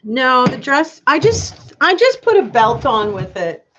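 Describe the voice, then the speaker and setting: Woman host, bright and high-ish, bouncy delivery, giggly, slightly muffled stream audio; casual live-chat read of viewer comments. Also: big pitch swings, a little slow. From Canada. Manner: giggly, chatty, laughs often.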